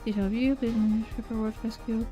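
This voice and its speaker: A woman's voice: on the high side, steady tone, fairly quick, mellow. A young woman streaming a game, chatting casually, swearing freely and stumbling over repeated words, with faint game music behind her. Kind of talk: casual gaming commentary while voicing game dialogue.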